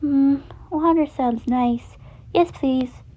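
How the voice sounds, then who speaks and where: Woman putting on a chirpy chicken lady, very high, sweet, slow and sing-song, dull lo-fi sound. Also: lively intonation. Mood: groggy. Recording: dull lo-fi recording.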